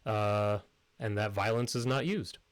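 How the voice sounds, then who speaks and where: A man narrating as game master in a relaxed way, with frequent fillers. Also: lowish voice, unhurried.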